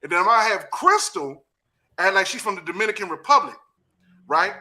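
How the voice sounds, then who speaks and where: Animated, bright-voiced D.C. man host. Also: sits high, brisk. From Washington, D.C. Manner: animated, laughing, coaching and directing others. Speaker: podcast host and acting teacher. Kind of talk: casual podcast chat.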